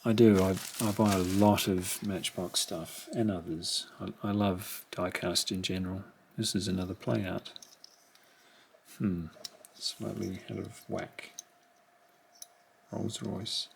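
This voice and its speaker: A middle-aged man talks slowly and quietly, half to himself, as he unboxes a collection at home. His voice sits low, with a gravelly edge. Loud crinkling and rustling packaging runs underneath. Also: steady tone. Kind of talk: casual unboxing commentary. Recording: rustling packaging noise behind.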